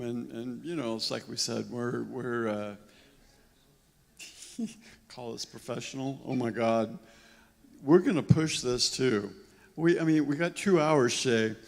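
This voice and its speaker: A man's voice: medium pitch, creaky, a little mellow, in a large hall. A man hosting a live internet radio show, bantering casually and laughing often between stumbling restarts. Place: live music venue room.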